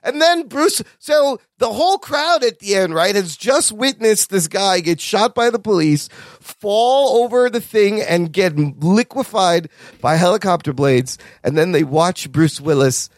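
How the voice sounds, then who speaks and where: Man, high voice, excited, swears a lot, dry close sound. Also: a little slow, no echo. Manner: excited, swears a lot, acts out quoted lines. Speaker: podcast co-host. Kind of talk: casual movie review chat.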